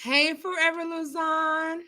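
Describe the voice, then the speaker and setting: Giggly high-voiced woman livestreaming. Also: little pitch movement, takes it slowly, pushed and bright. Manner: giggly, greets chat viewers. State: a little tipsy. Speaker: livestream host. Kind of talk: casual livestream chat. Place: echoey room at home.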